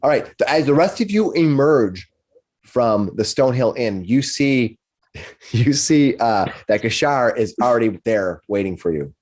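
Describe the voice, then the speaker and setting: A man runs a tabletop game as dungeon master, his pitch sitting in an ordinary middle range. He talks in a halting way, often restarting his sentences and chuckling between lines. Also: expressive, a little mellow.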